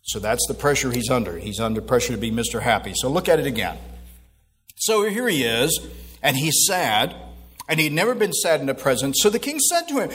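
A middle-aged man preaching a sermon as pastor, swinging from loud exhortation to soft asides. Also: fairly high pitch, big pitch swings, normal speed.

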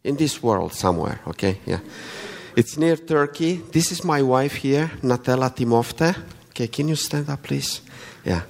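A man from Romania with a Romanian accent, preaching to a congregation in an unhurried, halting way with friendly asides. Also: mid-range voice, animated, creaky, darkish tone, big-room sound. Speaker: guest preacher. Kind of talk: sermon.

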